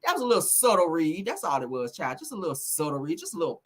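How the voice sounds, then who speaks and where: A woman's voice: low-pitched, very animated, fast, background noise. A woman hosting casual gossip commentary in a sassy, laughing way, calling the viewer honey and girl.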